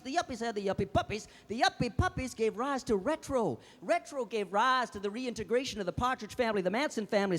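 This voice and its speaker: A man playing a hip male beatnik poet in a fez, delivering jive hipster patter and theatrical verse in a live stand-up character act. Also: high-pitched. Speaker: stage comedian. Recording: live stage with reverb, music and audience.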